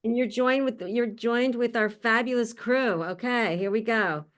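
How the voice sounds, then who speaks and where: A woman's voice: a little high, measured pace. A woman hosting an online panel on a video call, introducing guests in a chatty, friendly way with frequent laughs and asides. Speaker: panel host.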